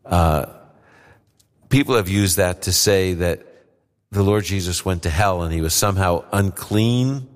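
A man's voice: low-pitched, measured pace, in a large hall. A man teaching the Bible on a call-in radio show, explaining and acting out scenes with animation. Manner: explanatory, animated when retelling scripture scenes. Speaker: radio Bible teacher answering listener questions. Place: live event before an audience.

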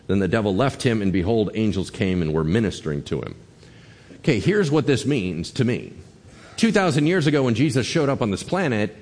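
A man preaching a sermon as pastor, emphatic and animated, swinging his voice up and down for emphasis. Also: mid-range voice, slightly rough. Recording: long reverb of a church hall.

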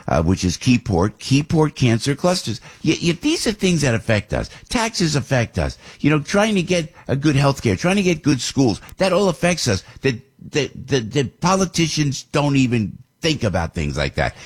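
Husky, excitable male radio host. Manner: excitable, rambling, often restarts, rises to high pitch when worked up. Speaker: radio talk show host. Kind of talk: morning talk radio commentary.

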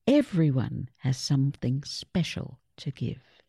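A woman voices a wise old grandmother in a storybook reading, gentle and encouraging as she speaks. The tone is mellow and husky, slow and patient. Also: a bass voice, very animated, dry recording, clean studio sound, full character voice.

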